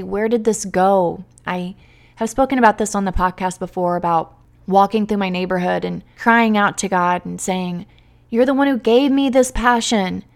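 A woman hosting a podcast, talking earnestly and emotionally straight to her listeners in a heartfelt, faith-based way. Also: mid-range voice. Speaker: podcast host and teacher coach.

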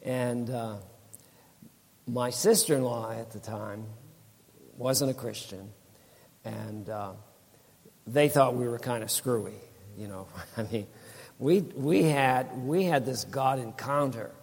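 A man's voice: medium pitch, slow, vocal fry, long pauses, darkish tone, in a large hall. A man in his sixties giving a rambling, folksy church testimony, with many restarts and laughs.

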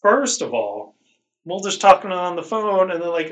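Sarcastic man, slightly high voice. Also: sing-song, moderate pace, a bit bright. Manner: sarcastic, exaggerated mock disbelief. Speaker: podcast co-host. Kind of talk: casual chat.

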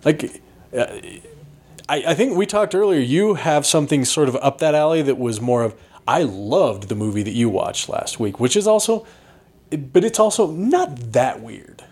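A man's voice: moderate pace, husky. A man co-hosting a podcast, chatting casually about movies in a rambling way, with lots of restarts. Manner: rambling, restarts often, animated pitch swings. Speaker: podcast co-host reviewing movies. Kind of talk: casual chat.

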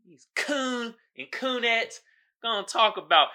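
Animated man with a bright voice. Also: extremely high pitch, measured pace. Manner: animated, loud outbursts and laughing asides. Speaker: podcast host. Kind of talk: casual comedic commentary.

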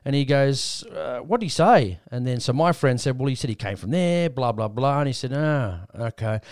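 The Australian podcast host has a smooth, mid-range voice and talks at normal speed. He meanders through a casual story, performing the quoted voices of others with animation, recorded in studio quality with no room sound.

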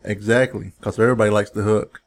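A man's voice: fairly low pitch, level tone, fast talker. Playful male podcast co-host, casual banter. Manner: playful, jokey, repeats his own gags. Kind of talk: casual chat.

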